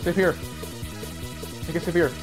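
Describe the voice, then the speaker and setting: Excitable high-voiced man playing a game. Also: moderate pace, music in the background. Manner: excitable, yelps and shouts at mishaps. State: stuffy nose, sneezing. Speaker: gaming YouTuber. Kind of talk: casual gameplay commentary.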